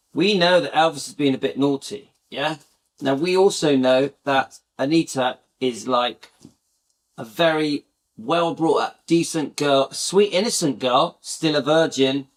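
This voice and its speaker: A British man hosting his channel, chatting casually and enthusiastically to viewers in a rambling way. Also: a little high. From Britain. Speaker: channel host.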